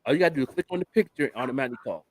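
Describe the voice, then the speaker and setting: A man's voice: mid-range voice, racing, no room sound. An older man and radio show host, telling stories in casual chat, laughing often. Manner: animated storyteller, laughing often.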